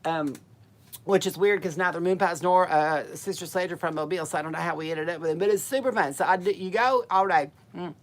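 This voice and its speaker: A woman's voice: lowish voice, brisk. A woman from Alabama with a Southern accent, telling rambling, bawdy comic stories in a folksy way. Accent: Southern American, Alabama. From Alabama, USA. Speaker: comic entertainer. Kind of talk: comic storytelling chat.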